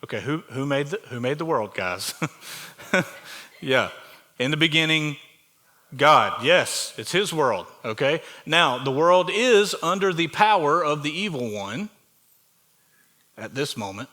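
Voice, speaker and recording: Bright-voiced Southern pastor preaching conversationally. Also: male voice, a little high, expressive, measured pace, pauses often. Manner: conversational preaching, asks the congregation questions. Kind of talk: sermon. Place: church sanctuary.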